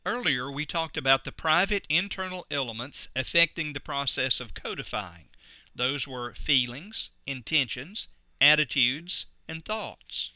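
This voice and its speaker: A man giving a recorded course lecture, slow and deliberate, stressing key words. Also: on the high side, animated, sharp tone, no room sound. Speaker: instructor.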